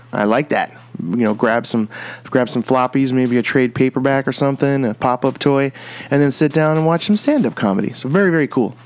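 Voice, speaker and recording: A man of middle age talks casually on his own show. His voice sits at an ordinary pitch, and he is eager and upbeat, stumbling over fillers and restarting his sentences. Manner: chatty, enthusiastic, many fillers and restarts. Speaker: podcast host. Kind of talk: casual solo commentary.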